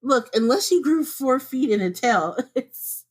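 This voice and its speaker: A woman's voice: unhurried, husky. A woman co-hosting a podcast from home, chatting casually and laughing often. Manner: chatty and laughs often, with lively swings up in pitch. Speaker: podcast co-host.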